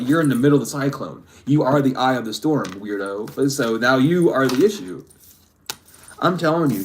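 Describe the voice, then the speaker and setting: A man giving a spiritual reading to his viewers, ranting emphatically and swearing freely. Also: mid-range voice. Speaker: tarot reader.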